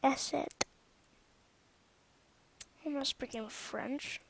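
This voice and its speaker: A woman's voice: sits high, very slow, background noise. A woman giving casual gameplay commentary on her own game mod, rambling and chatty and often stopping to correct herself.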